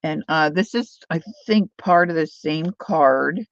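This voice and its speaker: A woman's voice: deep voice, measured pace, creaky, no echo, dull audio. A woman hosting a live crafting stream, chatting casually and thinking aloud while she works, with playful sound-words. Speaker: crafting livestream host.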